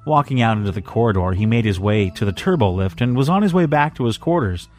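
A man narrating a fan fiction story in a measured, even way. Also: lowish voice. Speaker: story reader.

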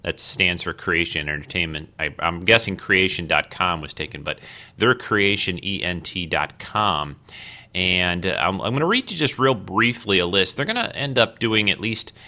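Deep-voiced man hosting a rambling podcast. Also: lively intonation, normal speed, pushed and bright. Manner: rambling, with many fillers and restarts. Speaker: podcast host. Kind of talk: casual solo podcast talk.

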